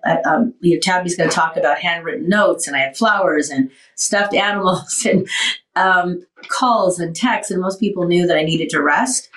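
A woman's voice: lowish voice, far from the mic. Roomy-sounding woman talk show host. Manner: candid, animated storytelling. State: tired from recovering from surgery. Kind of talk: casual talk show chat.

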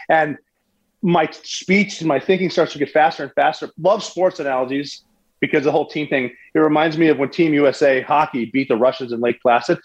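A man telling a story in a conversational way, animated, with restarts and sports analogies. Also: fairly high pitch, brisk, muffled recording. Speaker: guest recounting a military raid.

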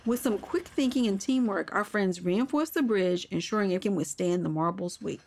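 A woman's voice: medium pitch, normal speed, creaky, a little mellow. Woman narrating a children's story. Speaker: storyteller and show host.

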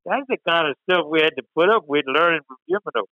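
A man with a Cajun accent tells a drawling story in a casual way. His voice sits a bit high. The recording is dull and muffled but dry. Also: expressive, fast talker, dry recording. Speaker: podcast guest.

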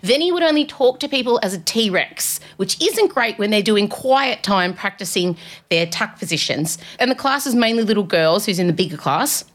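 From a studio, a woman podcast host with an expressive, mid-range voice delivers a casual comedic monologue at a moderate pace, chatting her way through self-mocking stories.

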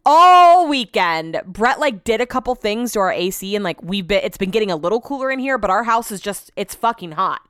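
Young woman podcast host rambling through her day, animated, does everyone's voices, smooth tone. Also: medium pitch, fairly quick, few pauses, no echo, studio quality. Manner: chatty, animated, quotes herself and others; laughs while telling the story. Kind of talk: casual storytelling chat.

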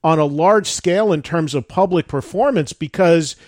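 A man's voice: a little high, normal speed, darkish tone, no echo, studio quality. A man hosting an interview, asking long, rambling questions and thinking aloud. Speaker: radio and podcast host. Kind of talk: interview chat.

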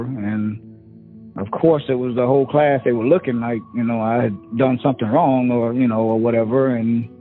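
A man speaks in a halting way over a tinny, phone-like recording, pausing often on fillers. His pitch sits in the middle range, and faint music plays underneath. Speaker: victim's brother. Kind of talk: recounting memories in an interview.

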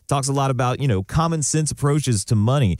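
A man's voice: medium pitch, lively intonation, brisk, a little mellow. A man from the United States co-hosting a radio finance show, easygoing in casual chat and laughing often. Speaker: radio co-host.

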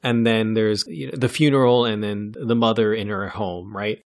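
A man's voice: lowish voice, fairly even intonation, moderate pace. A man hosting a film podcast, summing up a plot in casual talk and checking in with his co-hosts. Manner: summarizing, checks in with "right?".

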